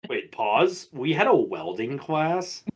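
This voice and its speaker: Casting: twenties guy, podcast co-host, loose profane storyteller, middling pitch. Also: slow pace, slightly rough. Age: 20s. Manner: profane, animated, mimics people in stories. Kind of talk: casual storytelling chat.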